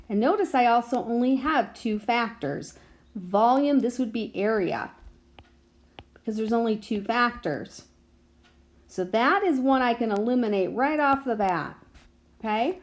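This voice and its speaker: A woman teacher walking through a math practice lesson, patiently thinking aloud and checking in with her students. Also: a little high. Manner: patient, checks in with "okay?" and "right?".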